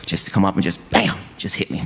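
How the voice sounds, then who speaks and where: A man's voice: fairly bright tone, long reverb tail. A man doing stand-up, telling anecdotes on a comedy club stage. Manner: quick anecdotal storytelling. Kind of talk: stand-up storytelling. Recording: live stage recording with room noise.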